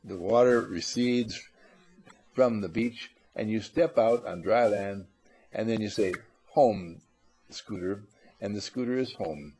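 A man's voice: fairly low pitch, unhurried, mellow, a little hiss or hum. A man giving an inspirational talk, playful, acting out little scenes and repeating phrases for emphasis. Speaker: motivational speaker.

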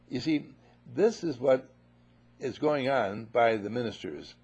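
A man preaches to a live audience in a husky voice of middle pitch, animated and quick to act out the people in his stories. The sound is a dull, lo-fi recording. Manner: animated, acts out voices, repeats "you see". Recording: muffled lo-fi recording.

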